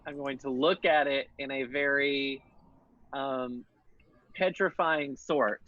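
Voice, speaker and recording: Slow, halting man on a dull mic. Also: mid-range voice, fairly even intonation, no room sound. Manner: halting, laughs between words. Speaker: player. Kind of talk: casual chat.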